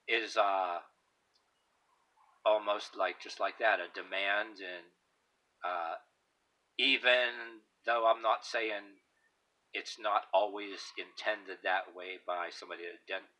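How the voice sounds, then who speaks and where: A man talks straight to the camera in a loose, rambling opinion monologue. His voice sits a bit low but is bright and forceful, and he is blunt and emphatic, tripping over restarts and fillers as he goes. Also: poor audio. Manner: blunt and emphatic, swearing now and then. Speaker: vlogger giving opinions.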